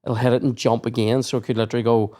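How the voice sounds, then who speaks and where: A man's voice: mid-range voice, level tone, racing. Sweary man telling stories. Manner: sweary storytelling, acts out shouted quotes. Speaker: podcast host. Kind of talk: casual chat.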